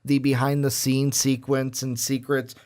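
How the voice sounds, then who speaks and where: A young man co-hosting a casual gaming podcast, excitable and given to casual swearing. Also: medium pitch, a little slow. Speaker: podcast co-host. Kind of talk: casual chat.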